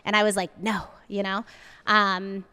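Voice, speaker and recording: A woman's voice: mid-range voice, a little slow, smooth. Candid woman telling a personal story. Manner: candid, animated storytelling, many fillers, acts out quotes. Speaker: podcast guest, coffee shop founder. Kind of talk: personal story in a podcast interview.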